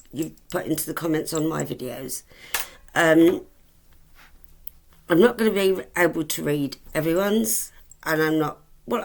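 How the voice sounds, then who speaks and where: A woman's voice: low-pitched, creaky. A woman in her forties chatting to camera, rambling and hesitant, with many ums and fond asides to her viewers. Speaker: vlogger. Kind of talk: casual chat to camera.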